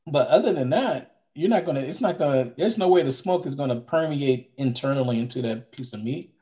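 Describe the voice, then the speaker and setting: A podcast co-host from Maryland, now living in Florida, chats in a casual, rambling way and often repeats himself. His medium-pitched voice is warm, with lively intonation and a fairly quick pace.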